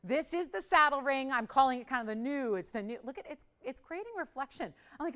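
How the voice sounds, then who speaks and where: A woman hosting a live jewelry shopping show, pitching pieces with enthusiastic, emphatic selling and repeated phrases. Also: expressive, brisk, few pauses, a bit bright.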